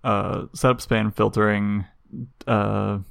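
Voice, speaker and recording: A man co-hosting a casual tech podcast, talking about security in a dry, deadpan, bored way. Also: on the low side, takes it slowly, creaky, clean tone, no echo. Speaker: podcast co-host, security guy.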